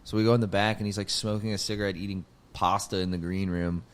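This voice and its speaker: A young man with a lowish voice tells a long, rambling story on a podcast. He leans hard on filler words and swearing. He jumps up loud and high whenever the story excites him. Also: fast, clear, resonant tone. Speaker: podcast host, comedian. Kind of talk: casual storytelling chat.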